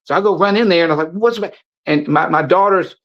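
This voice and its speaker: Middle-aged guy ranting like a preacher, repeats himself a lot, slightly high voice, muffled lo-fi sound. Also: fast. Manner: preachy, repetitive, stumbling restarts. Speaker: guest, supplement seller. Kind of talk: impassioned monologue.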